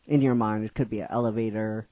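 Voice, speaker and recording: A man's voice: lowish voice, steady tone, fast, mellow, no room sound. A middle-aged man casually narrating a fan-written story, rambling with frequent restarts and asides to his listeners. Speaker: narrator of a fan script series.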